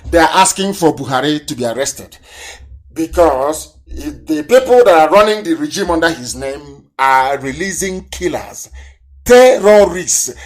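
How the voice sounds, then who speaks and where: Impassioned man, raised voice. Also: a little high. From southeastern Nigeria. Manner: impassioned, scornful, rhetorical. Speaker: broadcaster and activist leader. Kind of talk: live political broadcast.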